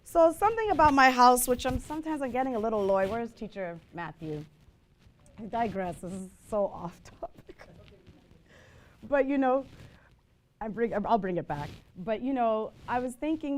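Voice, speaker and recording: A woman with a fairly high voice teaches the Bible in a loose, chatty way. She wanders off into personal stories and keeps turning to her listeners with questions. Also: expressive, moderate pace. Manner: chatty, digressive storytelling, asks the audience questions. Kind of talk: informal Bible teaching to a live group.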